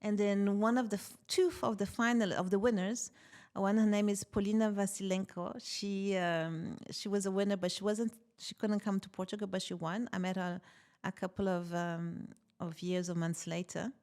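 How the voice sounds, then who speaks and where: Lively woman telling a story. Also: medium pitch, normal speed. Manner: animated, laughs often while telling stories. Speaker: podcast guest, tech founder. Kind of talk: casual interview storytelling.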